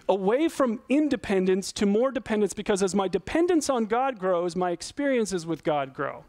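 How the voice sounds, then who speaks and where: A man's voice: high voice, darkish tone. A middle-aged male pastor giving an earnest, conversational sermon full of rhetorical questions.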